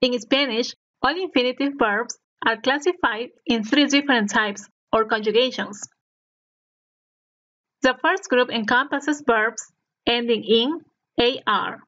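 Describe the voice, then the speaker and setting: A woman narrating a scripted language lesson as the teacher, speaking slowly and clearly so learners can repeat after her. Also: a little high, fairly bright tone. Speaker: Spanish teacher. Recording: dull lo-fi recording.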